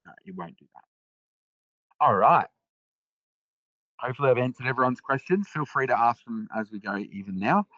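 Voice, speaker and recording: A man presenting a live software demo on a webinar, talking casually with lots of fillers and restarts. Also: mid-range voice, lively intonation, moderate pace, long pauses, dry recording, highs cut off.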